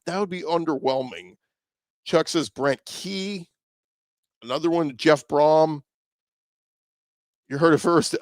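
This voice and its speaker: A man's voice: fairly high pitch, no echo. A man hosting a casual live stream, rambling and sarcastic as he reads out and reacts to viewer comments. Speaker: podcast host reacting to live chat.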